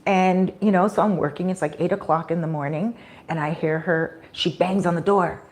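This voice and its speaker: On a live stream, a woman vlogger with a lowish voice chats casually at a normal speed. She tells a lively story, acting out the people she quotes.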